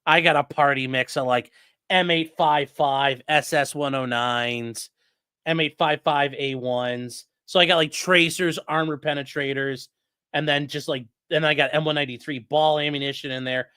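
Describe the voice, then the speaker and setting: A man in his late thirties telling a story in a casual, animated and profane way as the host of a livestream, full of gun jargon. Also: a little high, moderate pace, smooth, dry recording. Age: late 30s.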